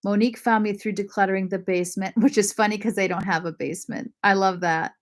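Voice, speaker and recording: A woman from Maine hosting a casual livestream, chatting warmly with viewers, often apologizing and laughing as she reads their comments. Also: mid-range voice, fairly even intonation, fast. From Maine, USA. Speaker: lifestyle channel host.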